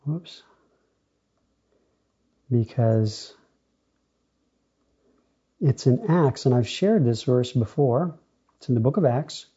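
A male preacher delivers a sermon in an unhurried, pausing way, his voice very dark and a little husky. The recording is slightly dull and lo-fi. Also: mid-range voice, lively intonation. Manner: unhurried, pausing often, addresses congregation as brothers and sisters. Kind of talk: sermon with scripture reading.

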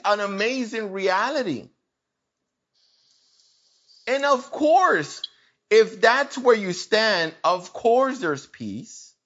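A man gives a relaxed, informal sermon in an unhurried way, his voice rising and falling widely. His tone is bright and edged, and he leans on repeated phrases to drive each point home. The recording is muffled and lo-fi. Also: very high-pitched. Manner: animated, repeats phrases for emphasis. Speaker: preacher.

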